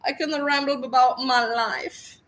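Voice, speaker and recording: A woman's voice: sits high, steady tone, a little slow, fairly bright tone, voice pushed up, rough recording. A woman doing a mocking impression of a self-absorbed woman streamer, in a sing-song tone.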